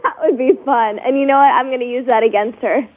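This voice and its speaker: A woman's voice: sits high, fairly even intonation, fairly quick, breathy edge. Young woman guest, chatty, heard on a phone-like, tinny line. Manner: chatty, bubbly, many fillers. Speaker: actress guest. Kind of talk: casual interview chat.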